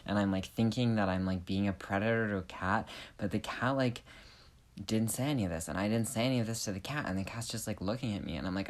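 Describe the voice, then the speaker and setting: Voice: deep voice, fast talker. A speaker rambling in an improvised stream-of-consciousness monologue, wry, self-mocking and repetitive, full of the filler "like". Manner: frequent filler "like".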